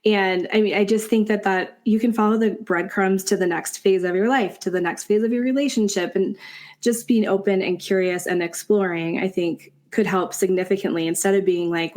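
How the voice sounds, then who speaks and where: A woman's voice: mid-range voice, normal speed, a little mellow. A woman in her forties co-hosting a podcast, upbeat and reflective, often agreeing with her guests. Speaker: podcast co-host. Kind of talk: casual podcast chat.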